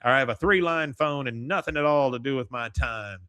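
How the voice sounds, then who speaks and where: A man's voice: medium pitch, a little fast, bright, forceful tone, clear, resonant tone, dry recording, close to an everyday voice. A man voicing a paranoid, conspiracy-minded middle-aged man, with insistent, self-important declarations, while recapping a cartoon on a podcast. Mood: indignant.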